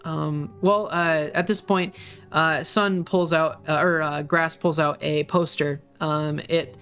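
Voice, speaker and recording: A man narrating as game master, pausing often with fillers as he describes what happens. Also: fairly high pitch, fairly even intonation, a bit bright, smooth, faint music behind. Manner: hesitant, many fillers while narrating.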